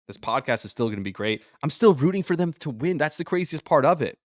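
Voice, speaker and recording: A drained, emotional sports radio personality delivers a sports podcast monologue from a dry room. His voice is a little high and expressive, and he talks quickly, rambling and skipping between thoughts in a dry recording.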